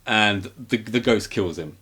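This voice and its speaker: A man co-hosting a podcast, casually recapping a horror film in a rambling, animated way with acted-out quotes. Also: on the low side, unhurried, slight background noise. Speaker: podcast co-host. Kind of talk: casual movie recap chat.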